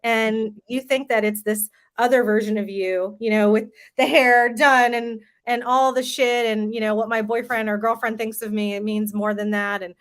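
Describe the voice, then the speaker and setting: A woman's voice: a little high, level tone, moderate pace, few pauses. Woman, 30s, frank interview guest who talks openly about her own life. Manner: candid storytelling, swears casually. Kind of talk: casual podcast interview.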